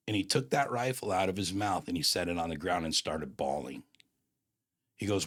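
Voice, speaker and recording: Guest spot, low-voiced man in his 50s, slangy and emphatic storyteller. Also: fast, fairly bright tone. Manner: slangy and emphatic, acts out quoted dialogue. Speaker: guest telling a personal story. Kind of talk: casual storytelling conversation.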